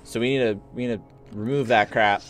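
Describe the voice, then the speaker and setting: A man's voice: mid-range voice, a little fast, soft background music. A man streaming a strategy game, joking and barking orders at his units with playful mock belligerence. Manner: giggly and excitable, mock-belligerent. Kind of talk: live gameplay commentary.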